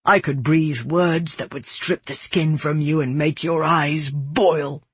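A man's voice: a little high, fairly even intonation, takes it slowly, fairly bright tone, breathy edge, no echo, heavily acted. A narrator voicing an arrogant young nobleman who sneers and threatens in a cold, menacing way. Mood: contemptuous.

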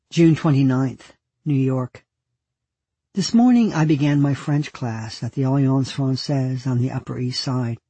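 Husky man reading dry diary entries. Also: medium pitch, dry recording. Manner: dry, deadpan humor. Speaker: narrator.

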